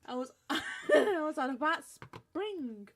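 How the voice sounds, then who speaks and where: A woman's voice: sits high, sing-song, slow, a little hiss or hum. Brit lady bantering on a radio show, cheeky and teasing, laughs a lot. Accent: British English. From England.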